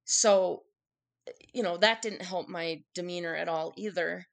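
A woman guest with a lowish voice and vocal fry speaks at a measured pace, candidly sharing an emotional personal story in conversation. She acts out the quotes of what people said to her.

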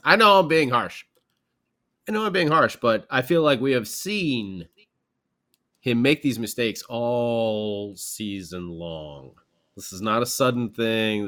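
A man's voice: on the low side, a bit bright. A man co-hosting a casual sports podcast, sarcastic and exasperated. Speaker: podcast co-host.

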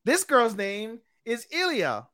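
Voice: medium pitch, huge pitch swings, slow, sharp tone. A podcast co-host retelling an anime episode in casual chat, crude and rambling, with plenty of swearing. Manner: crude, profane, rambling storyteller.

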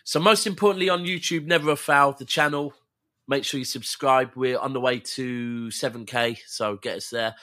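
A man guests on a casual football talk show, speaking with a bright, clear tone. He talks in a laid-back, slang-filled way and gives firm opinions. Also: medium pitch, steady tone, normal speed. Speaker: guest pundit and YouTuber.

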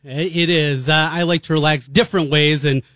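A man's voice: on the high side, fairly even intonation, normal speed, a bit bright, no room sound. A man hosting a sports radio show, joking with his guests in the studio. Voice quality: nasal. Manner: upbeat, joking banter with guests.

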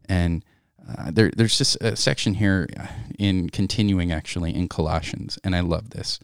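Deep-voiced reflective man co-host. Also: fairly even intonation, clean tone, no echo, studio quality. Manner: reflective, measured, quotes scripture. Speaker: podcast co-host. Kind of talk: casual faith discussion.

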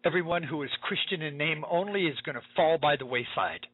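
Husky, emphatic talk radio host. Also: male voice, a little high, fairly quick, no room sound. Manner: emphatic, repetitive, urgent. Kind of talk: preaching talk radio monologue. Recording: tinny phone-like line.

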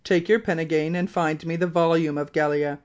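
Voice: medium pitch, steady tone, moderate pace, close to an everyday voice. A reader voicing an irritable, proud old male professor in an audiobook, speaking fiercely and impatiently. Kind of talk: audiobook character reading.

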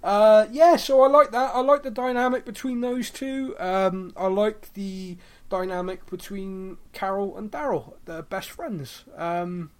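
A man's voice: high-pitched, a little slow, few pauses, smooth. A man co-hosting a podcast and chatting casually about a TV episode, with lots of ums and quoted lines he acts out. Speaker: podcast co-host. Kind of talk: casual chat reviewing a TV episode.

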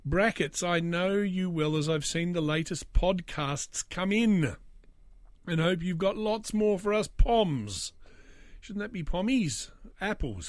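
This is a man from Britain hosting his own podcast, his voice a touch higher than usual for a man and still a little raspy from a recent illness. He rambles through the chat with a steady stream of sardonic jokes. The sound is close and dry, with no room around it. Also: slow pace, no room sound. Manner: rambling, jokey, sardonic asides. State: slightly raspy after illness. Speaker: podcast host. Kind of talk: casual solo podcast chat.

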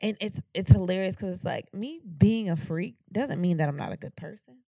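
Frank, profane woman with a gravelly voice. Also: mid-range voice, animated, mellow, no room sound, studio quality. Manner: frank, profane, halting restarts. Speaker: podcast co-host. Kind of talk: candid casual chat.

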